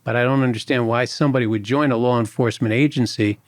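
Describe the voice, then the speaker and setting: A man, a former agent telling lively stories in a podcast interview and acting out other people's voices. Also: medium pitch, quick pace. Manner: animated anecdotes, acts out other people's voices. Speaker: former FBI agent guest.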